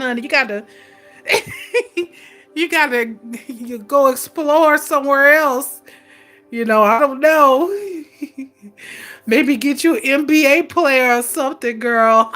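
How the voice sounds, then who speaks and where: A woman's voice: sits high, a bit bright. A woman hosting a casual livestream who reads viewer comments, laughing often and teasing them as honey. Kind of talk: casual chat.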